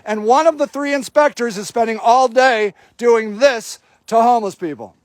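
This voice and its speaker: A man's voice: very high-pitched, moderate pace, no echo. A man filming a livestream outdoors, giving indignant, sarcastic running commentary and swearing freely. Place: outdoor homeless camp in snowy cold.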